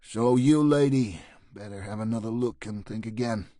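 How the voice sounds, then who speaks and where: A man voicing a tough middle-aged detective chief who talks gruff and blunt with an edge. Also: on the low side, moderate pace, dark tone, no echo, studio quality, natural voice. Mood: stern.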